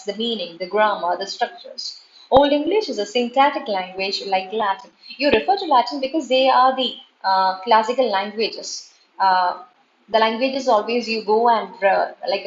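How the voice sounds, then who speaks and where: A woman's voice: mid-range voice, a little hiss or hum. A woman giving an online class lecture, explaining things over and over and spelling out word endings letter by letter. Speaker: English literature lecturer. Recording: echoey room, dull lo-fi sound.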